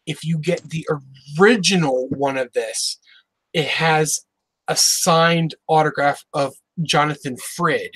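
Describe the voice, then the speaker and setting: A man's voice: fairly high pitch, slow pace, slightly rough, dry recording, low-quality recording. A man chatting casually about his collection, telling a story with lots of swearing and acted-out back-and-forth. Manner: excited, profane storytelling with quoted exchanges. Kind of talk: casual chat.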